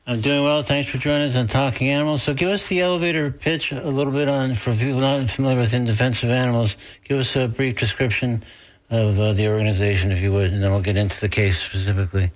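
A man's voice: mid-range voice, steady tone, quick pace. A male radio talk show host who speaks in an easygoing way, with many fillers. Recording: music playing behind.

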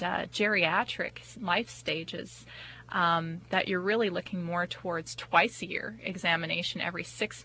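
Bright-voiced woman veterinarian. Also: fairly low pitch, poor audio. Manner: measured, hesitant with many ums. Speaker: veterinarian guest. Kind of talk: casual discussion.

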